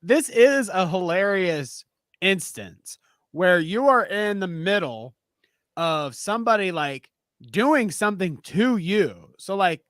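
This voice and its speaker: A man hosting a live reaction show, retelling what he watched with quick laughs. His pitch swings widely and his voice sounds dry and close. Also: very animated, fairly bright tone, no echo. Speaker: podcast host. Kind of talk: casual reaction commentary.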